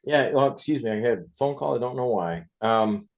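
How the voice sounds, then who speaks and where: A man's voice: medium pitch, expressive, brisk. A man hosting an interview, chatting in a rambling, enthusiastic way between his questions. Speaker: interview host. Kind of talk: casual interview chat.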